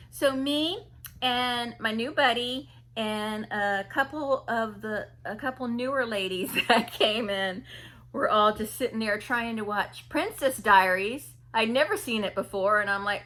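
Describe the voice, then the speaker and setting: A woman's voice: fairly high pitch, slow, bright, forceful tone. A woman vlogger telling a story casually and animatedly, imitating people and laughing often.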